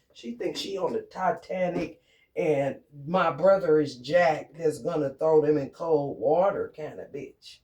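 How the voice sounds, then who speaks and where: A man's voice: fairly high pitch, a little mellow. A man vlogging a profane, confrontational rant, swaggering and taunting his targets.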